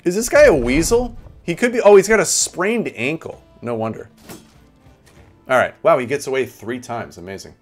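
Animated man streaming a game. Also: medium pitch, normal speed, soft background music. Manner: chatty, animated, talks to chat. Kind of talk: live game commentary.

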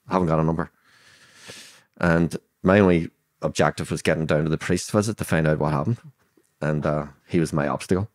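This Northern Irish man in his sixties has a low-pitched voice and a Belfast accent, captured as clean studio sound without echo. Appearing on a podcast for a storytelling interview, he recounts what happened bluntly, cursing freely and performing each line of dialogue as he goes.

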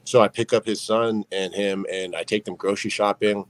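A man's voice: fairly low pitch, fairly even intonation, brisk, no room sound, poor audio. A young man speaking as a podcast guest, telling his story earnestly and padding it with fillers like "you know what I mean.". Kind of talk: candid storytelling interview.

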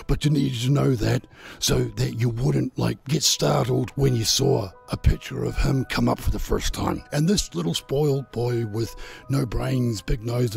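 Gravelly New man telling a story. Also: mid-range voice, a little mellow. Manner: playful and mocking, with chuckles and drawn-out pauses. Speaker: storyteller and channel host. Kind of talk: crude comic storytelling.

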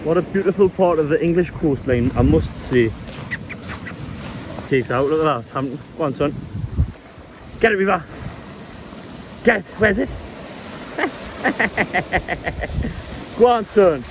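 A man's voice: fairly high pitch, animated, slow pace, long pauses, noisy background. A man walking his dog outdoors on a coastline, chatting casually and coaxing the dog in a sing-song voice, swearing freely.

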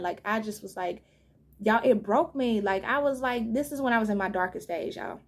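Woman tarot reader, casual and frank, animated talker, voice sits a bit high. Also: normal speed. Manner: chatty and animated, calls listeners y'all and baby; frank and blunt, swears now and then.

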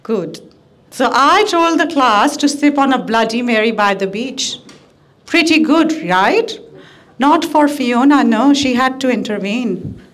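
A woman comedian performing stand-up to a live crowd, her voice high and her pace slow and unhurried. She lands crude punchlines in a deadpan way. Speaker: guest comedian. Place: stage before a live audience.

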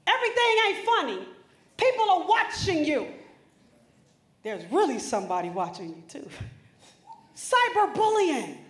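A woman gives a motivational conference speech in a high, ringing voice. She is emphatic and preacherly and talks straight to a room of students. Her voice echoes through a large hall. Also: very animated, unhurried, long pauses. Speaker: motivational speaker.

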